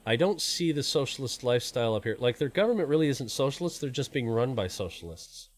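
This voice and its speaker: A man's voice: medium pitch, animated, fast. A man in his forties, born in Canada and raised in the US, hosting a live stream in a rambling, self-deprecating, casual way. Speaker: stream host.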